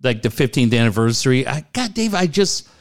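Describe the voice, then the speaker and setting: A man's voice: medium pitch, sing-song, fairly quick. A man in his forties telling a long family story in casual chat, laughing often and repeating "I go".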